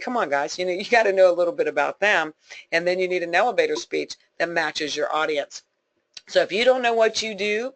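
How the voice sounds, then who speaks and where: This woman's voice sits at a medium pitch, with no room sound in the recording. She heads a sales team and delivers a motivational conference call talk, folksy and emphatic, driving points home through repetition and frequent laughter.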